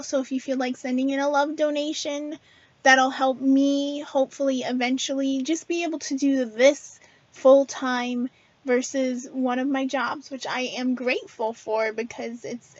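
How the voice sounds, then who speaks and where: A woman with a high, light voice talks casually and earnestly to her viewers, with plenty of ums and restarts. The sound is dry and a little dull, with no room echo. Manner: chatty and earnest, many fillers and restarts. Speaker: spiritual video host. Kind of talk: casual spiritual talk to camera.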